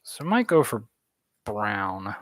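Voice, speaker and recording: A man's voice: on the low side, very animated, slow pace. A man streaming himself painting, thinking aloud in a casual, musing, hesitant way. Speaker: artist streaming his painting. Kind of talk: casual live-stream chat while painting.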